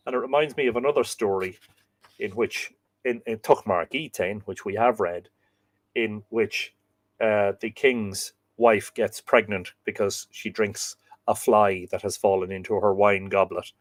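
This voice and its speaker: A man's voice: fairly low pitch, steady tone, unhurried, no echo. Chatty Irish man reading myths aloud. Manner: chatty and digressive, with humorous asides. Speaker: podcast host and reader. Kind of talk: live reading of myths with digressions. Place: home room with bookshelves.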